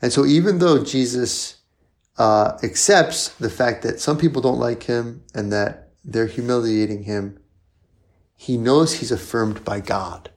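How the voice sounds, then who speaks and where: A man's voice: medium pitch, measured pace, darkish tone. A male priest preaching in a conversational style, often asking rhetorical questions and adding "right?". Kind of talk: sermon.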